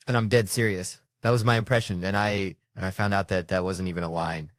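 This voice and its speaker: A comedian telling stories in an animated, emphatic way, with frequent swearing. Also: male voice, deep voice, quick pace, hardly any pauses, no echo, studio quality. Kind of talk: stand-up storytelling and banter.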